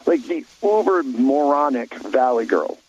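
A blunt, opinionated man holds forth on a talk radio show, rambling and restarting his sentences as he goes. His voice sits at a middle pitch. The sound is dull and lo-fi, like an old radio broadcast. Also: big pitch swings, measured pace, slight background noise.

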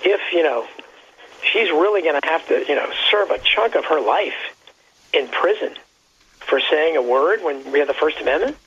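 A man calling into a talk radio show, chatting casually in a rambling, halting way with many restarts. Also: a little high, expressive, a bit bright, a little hiss or hum. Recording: muffled lo-fi phone line.

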